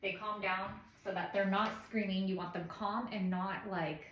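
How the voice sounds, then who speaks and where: A parenting vlogger in her thirties walks through a how-to in a chatty, instructive way, often checking in with "okay?" and softly shushing and imitating baby cries as she demonstrates. Her middle-pitched voice stays fairly even at a normal speed. She's in an echoey room at home with slight background noise.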